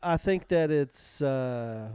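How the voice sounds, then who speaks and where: A man's voice: mid-range voice, expressive, slow pace, darkish tone, smooth, dry recording, clean studio sound. A man co-hosting a podcast, adding short, laid-back comments in casual chat. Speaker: podcast co-host.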